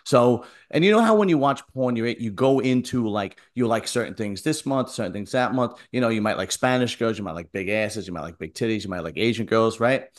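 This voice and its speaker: A man's voice: mid-range voice, fairly quick, few pauses. A man telling a rambling crude story in casual chat, checking in with "right?" as he goes.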